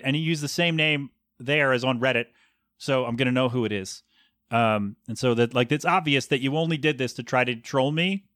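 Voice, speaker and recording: A man's voice: medium pitch, a bit bright, dry recording, clean studio sound. A man in his thirties hosting a solo podcast, rambling and sarcastic as he mocks a bad review in mock-professional tones. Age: 30s. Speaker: podcast host. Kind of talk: casual solo podcast rant. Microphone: podcast microphone.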